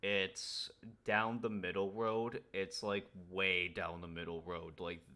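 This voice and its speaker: Very low-voiced young man narrating a game. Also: flat delivery, slow, sharp tone. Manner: hesitant, many fillers and restarts. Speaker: game master.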